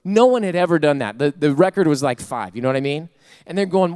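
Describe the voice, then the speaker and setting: A male pastor delivers a sermon in a fairly high voice. He mixes folksy storytelling with rising call-and-response preaching. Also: expressive, brisk, a little mellow.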